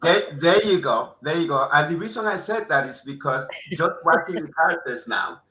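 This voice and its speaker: A man's voice: fairly high pitch, animated, normal speed, sharp tone. Man, talk show host; rambling, restarts a lot; echoey room. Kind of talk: casual interview chat. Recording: echoey dull lo-fi room sound.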